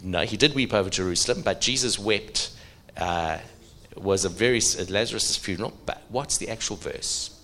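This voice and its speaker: A middle-aged man preaching a sermon, animated, asking the audience questions. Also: on the low side, normal speed.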